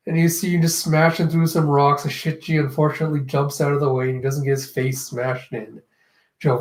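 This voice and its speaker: A man's voice: a little high, little pitch movement, fairly quick, reverberant. A man casually reading through a comic chapter, acting out the characters' lines in a raised voice and laughing often. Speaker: manga reaction host. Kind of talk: casual manga reading and reaction.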